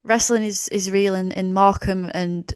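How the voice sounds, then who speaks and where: Lady chatting on a podcast, playful and swears a lot, mid pitch, dry sound. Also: fairly even intonation, measured pace, darkish tone, clear, resonant tone, dry recording. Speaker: podcast co-host. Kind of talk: casual chat.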